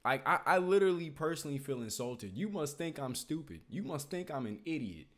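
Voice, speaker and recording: Animated man ranting in disbelief. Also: on the high side, fairly quick. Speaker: reaction channel host. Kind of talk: casual reaction commentary.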